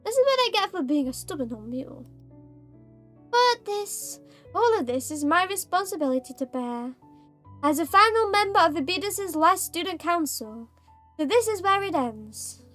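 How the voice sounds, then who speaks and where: Girl streamer doing a really high, soft tired schoolgirl saying bye, faint music under it. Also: very animated, moderate pace, heavily acted. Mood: somber farewell. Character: weary, tender schoolgirl saying goodbye.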